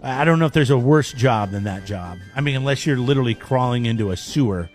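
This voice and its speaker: A man's voice: medium pitch, expressive, fast talker, faint music behind. A man co-hosting a radio talk show, teasing his partner with blunt comments in casual banter. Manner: teasing, laughs, blunt exclamations. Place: radio studio.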